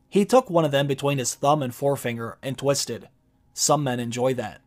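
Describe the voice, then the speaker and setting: A man narrating a video essay and reading a book passage aloud, measured and explanatory. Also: medium pitch.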